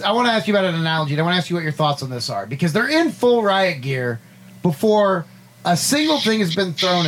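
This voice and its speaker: Animated storytelling man, slightly high voice. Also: a little hiss or hum. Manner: rambling, animated storytelling with many fillers. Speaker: podcast co-host. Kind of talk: casual chat, storytelling.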